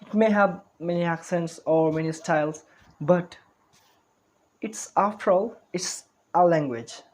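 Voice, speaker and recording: A man's voice: a little high, a little slow, low-quality recording. A man giving an online spoken English lesson, talking carefully, repeating words and correcting himself as he goes.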